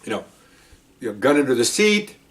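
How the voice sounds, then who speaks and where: An older man, a retired police officer, telling a war story from the job in a casual, animated way, now and then barking commands as he acts them out. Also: mid-range voice, brisk, far from the mic.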